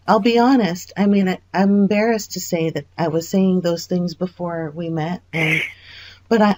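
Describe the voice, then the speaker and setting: A person speaking earnestly on a private late-night phone call. The voice is of middling pitch, and the tone stays apologetic and reassuring throughout. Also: a little mellow, a little hiss or hum. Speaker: caller.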